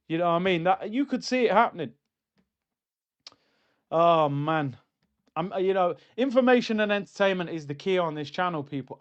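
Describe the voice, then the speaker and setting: High-voiced joking man streaming. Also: muffled recording. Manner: animated and joking, reads out chat comments. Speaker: streamer hosting a football watchalong. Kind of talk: casual live-stream chat.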